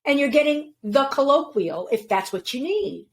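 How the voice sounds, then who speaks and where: Woman host, higher-pitched, conversational, halting as she works out her points. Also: expressive, a little mellow. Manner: thoughtful, halting, searching for words. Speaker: podcast host. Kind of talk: casual podcast conversation.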